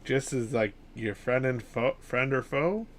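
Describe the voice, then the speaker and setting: A man's voice: medium pitch, unhurried, a bit bright, slight background noise, close to an everyday voice. A man voicing a female warrior in a weak put-on Scottish accent, rambling and unsure. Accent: put-on Scottish accent, done poorly. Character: female warrior making a clumsy challenge.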